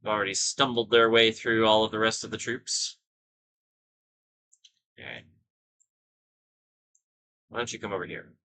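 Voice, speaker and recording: A man giving casual commentary over his own gameplay, thinking aloud as he goes. His voice sits low but rings bright and forceful. He drifts into rambling asides and corrects himself along the way. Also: steady tone, measured pace, pauses often, rough recording. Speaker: gaming video host.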